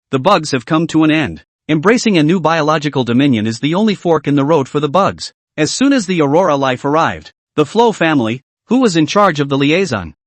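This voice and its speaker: Animated male story narrator. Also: a little high, dry recording. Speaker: recap narrator.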